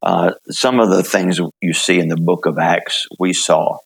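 Deep gravelly older man. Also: steady tone. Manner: halting, many fillers and restarts. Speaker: interviewee, intercessor. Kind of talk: relaxed testimony in conversation.

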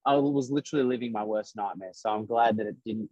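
A race driver with a lowish voice talks fast as he tells a story during a casual podcast chat, animatedly acting out other people's lines. The recording is dry and muffled.

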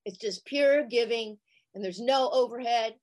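A middle-aged woman guest telling a story in a casual interview, animated and chatty with many fillers. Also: fairly high pitch, a little slow. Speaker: interview guest, actress and charity founder.

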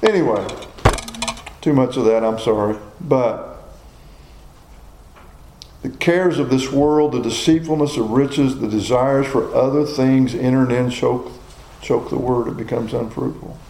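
A man's voice: medium pitch, dark tone, echoey room, slight background noise, rough recording. A man in his sixties preaching a sermon in a folksy, personal storytelling way. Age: 60s.

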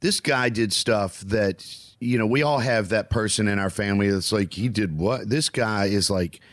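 A man's voice: fairly low pitch, moderate pace, dry recording, studio quality. A man, a comedian, telling rambling comic stories and acting out the people in them. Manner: animated, acts out voices in his anecdotes. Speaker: comedian and podcast host.

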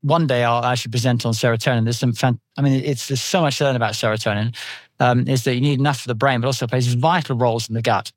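A British man in his fifties talks quickly as a podcast guest, wandering through anecdotes while he explains. His pitch sits in an ordinary middle range. The recording is dry and close. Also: steady tone, dry recording. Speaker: nutritional therapist guest. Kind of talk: podcast interview.

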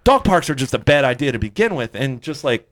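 A man telling a story in casual podcast chat, animated and profane, often jumping into high-pitched quoted voices. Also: fairly quick.

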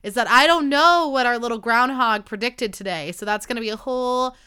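A woman's voice: on the high side, brisk, sharp tone, clear, resonant tone. A woman in her twenties hosting a casual solo podcast, bubbly and chatty, saying "like" a lot. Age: 20s. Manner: bubbly, chatty, says "like" often. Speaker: podcast host.

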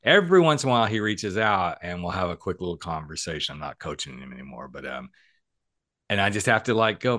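A man's voice: low voice, sing-song, quick pace, bright, forceful tone, no room sound, studio quality. A man over forty hosting a podcast interview in a chatty, upbeat way, hyping up his guest. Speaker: podcast host and coach.

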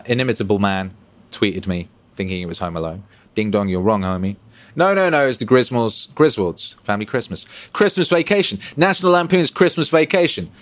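A man with a fairly low voice hosts a relaxed livestream and answers viewers' chat messages. His delivery is profane and animated. He jumps from shouted bursts to quiet, low asides. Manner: profane, animated, swinging between loud bursts and mumbles. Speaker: livestream host reading chat.

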